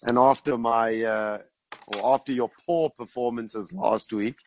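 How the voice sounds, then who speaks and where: A man's voice: medium pitch, fairly even intonation, a little slow, muffled recording, a little hiss or hum. A man co-hosting a football podcast, running a quiz segment with mock-stern, playful scolding. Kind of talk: casual banter.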